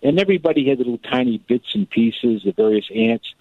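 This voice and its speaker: A man, a guest author, telling a family story in a radio interview, animated and often repeating words as he goes. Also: medium pitch, brisk, no echo. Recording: tinny phone line.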